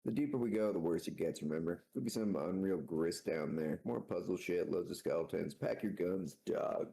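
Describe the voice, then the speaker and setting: A man's voice: low voice, moderate pace, creaky, warm tone, slight background noise, voice pushed down. A man voicing a crude, laid-back young male adventurer in a comic read-aloud, swearing and rambling. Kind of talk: comic reading with character voices.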